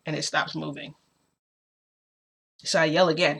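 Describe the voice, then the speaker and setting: A woman's voice: low-pitched, fairly even intonation, moderate pace, vocal fry, fairly bright tone. A young woman vlogger telling a story casually, rambling with lots of filler words.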